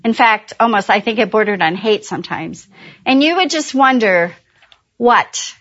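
A middle-aged woman and pastor's wife, telling a church audience about her ministry in a chatty, animated way and laughing at her own jokes. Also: mid-range voice, normal speed, lo-fi sound. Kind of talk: warm personal testimony talk.

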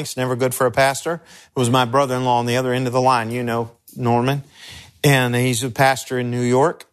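Middle-aged male pastor instructor, mid-pitched, earnest and conversational, often restarts phrases. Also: a bit bright. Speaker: pastor teaching crisis care. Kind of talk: instructional talk with personal stories.

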